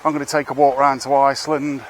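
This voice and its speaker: This street vlogger talks quickly and flatly at medium pitch, giving wry, rambling commentary as he walks outdoors through town with a handheld camera, swearing now and then. Slight background noise sits under his voice.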